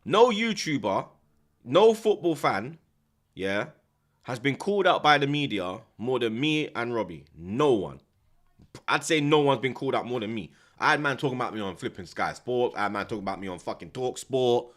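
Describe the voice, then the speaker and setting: A man's voice: mid-range voice, expressive, normal speed. Brash man ranting. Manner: loud, swaggering, repeats slang tags. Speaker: football watchalong streamer. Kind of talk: casual boastful rant.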